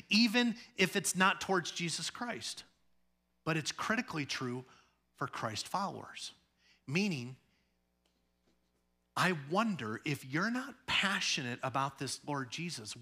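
A man from the Chicago area preaches at a church podium with a bright, forceful voice pitched a little high. His delivery is animated, moving between humor, acted-out quotes and earnest emphasis. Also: a little slow. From Chicago area, USA. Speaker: pastor. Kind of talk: sermon.

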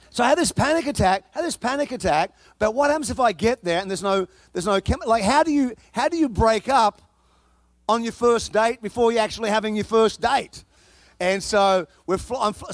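High-voiced man preaching with comic storytelling. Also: no echo. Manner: animated, comic storytelling with frequent repetitions and restarts. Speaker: pastor. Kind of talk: sermon with personal storytelling.

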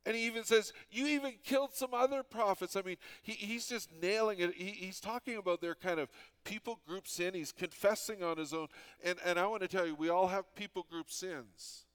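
A man's voice: high-pitched, steady tone, a little fast, a bit bright, smooth. A man in his fifties from Canada, preaching a sermon as pastor in an earnest, conversational way with frequent restarts.

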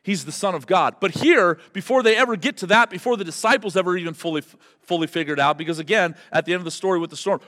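A man preaching an expository sermon, telling the story with animated, emphatic delivery that builds to loud peaks. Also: high-pitched, fast. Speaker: pastor. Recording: long hall reverb.

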